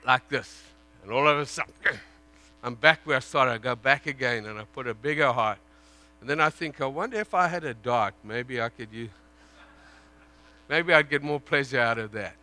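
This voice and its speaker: Guy preaching a sermon, bright and forceful, gets loud then drops real quiet, bit of hum underneath. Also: mid-range voice, moderate pace, no echo. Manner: swings from loud pleading to hushed, intimate prayer.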